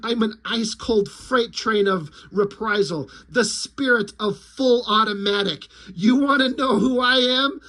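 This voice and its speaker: A man's voice: high voice, a little slow, hardly any pauses, bright, forceful tone. A man voicing a grim, self-serious male vigilante who speaks in overblown tough-guy boasts. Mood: brooding.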